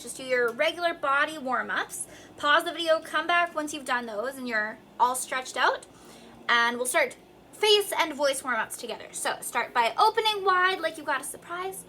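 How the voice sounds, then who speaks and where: A young woman giving a recorded voice lesson, talking students through warm-ups with clear, encouraging instructions. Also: high voice, a little hiss or hum. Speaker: voice teacher.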